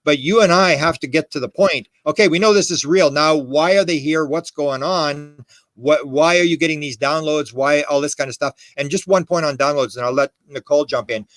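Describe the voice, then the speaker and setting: Podcast guest, male, emphatic rambler, slightly raised pitch, dry recording. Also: brisk, fairly bright tone, no room sound. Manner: emphatic, rambling with restarts and quoted dialogue. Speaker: podcast guest, UFO historian. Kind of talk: animated conversational storytelling.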